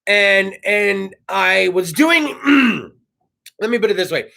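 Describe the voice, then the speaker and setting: Rambling, profane, high gravelly man. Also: animated, slow pace, pushed and bright. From California. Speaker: host. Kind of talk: casual monologue. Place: studio.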